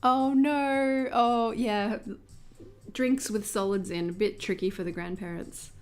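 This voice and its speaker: A woman's voice: mid-range voice, measured pace, darkish tone, soft background music. A young Australian woman hosting a journaling livestream, chatting casually with viewers while she paints, laughing often.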